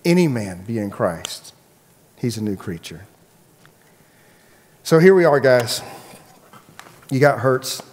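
Man, pastor, casual sermon storytelling, middle pitch, long hall echo. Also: sing-song, slow, pauses often, a little mellow. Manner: casual storytelling, many restarts.

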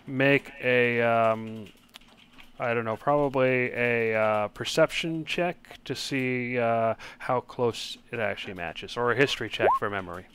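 A man's voice: medium pitch, a little slow, fairly bright tone, slight background noise. A man narrating a tabletop game as game master, hesitant and full of fillers, over online voice chat.

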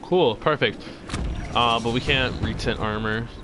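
A man casually commenting on his video game playthrough, loud and jokey. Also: medium pitch, measured pace, background noise. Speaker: gameplay commentator. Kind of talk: let's-play commentary. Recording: game music loud behind. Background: loud game music.

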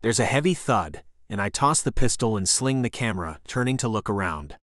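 A male audiobook narrator reads a romance thriller in the first person with lively, expressive pitch. His delivery is dramatic, and the recording is dry and close-miked. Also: fairly quick, no echo.

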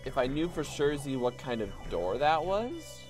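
Man, game streamer, casual play commentary, swears at enemies, animated. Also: on the high side, normal speed, music in the background. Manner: excitable, swears at enemies, self-mocking.

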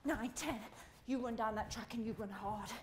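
A fitness instructor leads a workout, breathless as she counts reps and pushes the listener hard, speaking into a clip-on mic. Her voice is fairly high-pitched and moderately paced, with a noisy background.

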